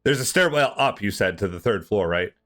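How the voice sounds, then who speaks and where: A man's voice: fairly low pitch, lively intonation, brisk, fairly bright tone. A man playing in a tabletop game, thinking aloud with many hedges and restarts. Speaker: player. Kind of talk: casual tabletop play.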